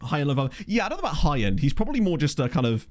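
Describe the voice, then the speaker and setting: A man's voice: on the high side, wildly swooping pitch, racing, a little mellow. A man hosting a casual let's play, chatting and musing aloud as he plays and reads the live chat, on a USB condenser mic. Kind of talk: casual gameplay commentary.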